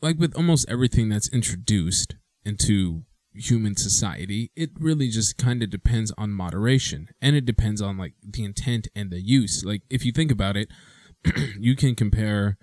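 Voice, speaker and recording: A man with a lowish voice co-hosts a casual chat, lively and acting out little quoted voices as he makes his point. The sound is dry and close, with no room around it. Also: normal speed, no room sound. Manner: animated, acts out quoted voices. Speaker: podcast co-host.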